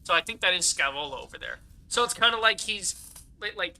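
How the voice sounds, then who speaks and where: Bright-voiced young-sounding man rambling. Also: on the high side, sing-song, brisk. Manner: rambling, giggly, swears freely. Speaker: gaming streamer. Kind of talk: casual gameplay commentary.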